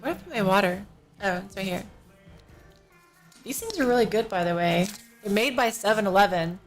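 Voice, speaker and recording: A woman streams live from her home desk, her mid-range voice animated and fairly quick even as she yawns, drowsy and a little out of it, rambling through casual chat. She uses a professional desk microphone, and faint music from a neighbor can be heard.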